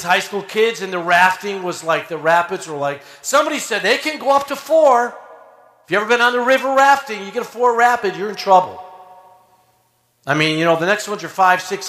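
A man preaching a sermon in a folksy, animated way, swinging from loud emphasis to hushed asides. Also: high-pitched, reverberant.

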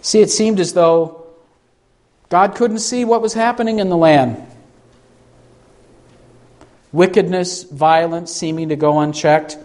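A man preaching a sermon, slow and emphatic, pleading through rhetorical questions. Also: high-pitched, fairly even intonation, a little mellow. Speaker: pastor.

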